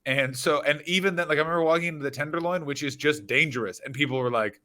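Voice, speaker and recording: A man's voice: on the high side, quick pace, bright, forceful tone. A man co-hosting a podcast, a touring comedian trading wry, laid-back stories. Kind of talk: casual comedic chat.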